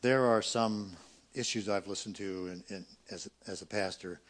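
Man preaching a sermon, loud and soft. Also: fairly low pitch. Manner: swings between loud emphatic peaks and quiet, fast asides. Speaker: pastor.

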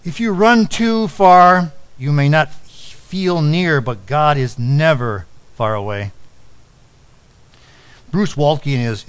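Soft-spoken male pastor telling a story. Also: poor audio. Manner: storytelling, drops to a soft low voice on key lines. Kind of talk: sermon.

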